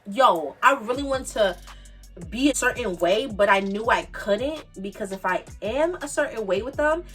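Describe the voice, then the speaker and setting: A young woman tells a story in an emphatic, repetitive, slangy way, with a fairly high voice. She sits a bit back from the mic. Soft music plays faintly underneath. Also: lively intonation, normal speed, recorded from a distance. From the Bronx, New York. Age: 20s. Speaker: vlogger. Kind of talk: casual storytime.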